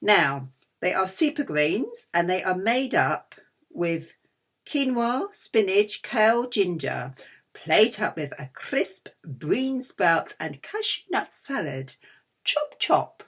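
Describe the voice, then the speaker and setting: Chatty husky woman vlogger. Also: medium pitch, very animated, slow, fairly bright tone. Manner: cheeky, chatty, self-mocking. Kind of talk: chatty food haul vlog.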